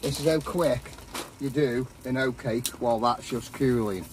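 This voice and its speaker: A man's voice: medium pitch, normal speed, noisy background. A man chatting casually and matily while cooking outdoors at a campsite. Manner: chatty, matey, rambling. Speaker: vlogger.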